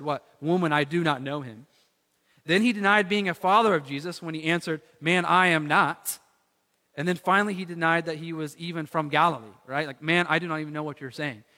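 A man's voice: sits high, sharp tone, in a large hall. A man preaching a sermon in a conversational way, with filler words and rhetorical questions. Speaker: pastor.

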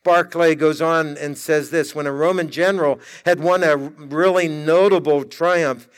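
A man preaching a sermon with emphatic, drawn-out delivery and dramatic pauses. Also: fairly high pitch, fairly even intonation, clear, resonant tone. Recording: reverberant church hall.

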